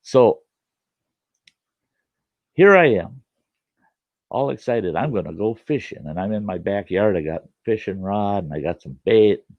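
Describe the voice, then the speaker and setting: A man's voice: fairly low pitch, moderate pace, few pauses, no room sound. A man in his sixties, a host, telling a childhood story in a folksy, conversational way. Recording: dull lo-fi dry recording.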